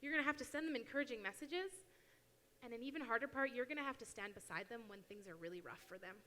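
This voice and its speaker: A young woman preaches in a casual, animated way and slips into quoted voices now and then. Her voice is bright and a bit high. It rings with a long hall reverb. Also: fast talker, a little hiss or hum. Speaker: youth speaker at church. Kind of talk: sermon talk. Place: church hall.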